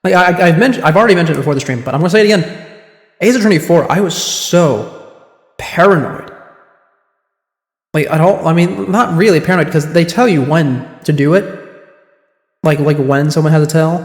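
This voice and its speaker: A man streaming a game, chatting in a rambling, self-deprecating way as he comments on the story. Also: on the high side. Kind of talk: casual livestream gameplay commentary. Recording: echoey room with long reverb.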